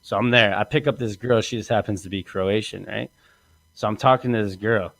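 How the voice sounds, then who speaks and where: A man's voice: fairly low pitch, steady tone, brisk, vocal fry, fairly bright tone, no echo. A man hosting a podcast, telling a crude comic story in a rambling way and laughing often. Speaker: podcast host.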